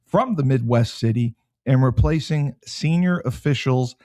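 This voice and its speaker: A man's voice: medium pitch, a little slow, warm tone, no echo. Male talk show host, dry sound. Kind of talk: casual talk show chat and news recap.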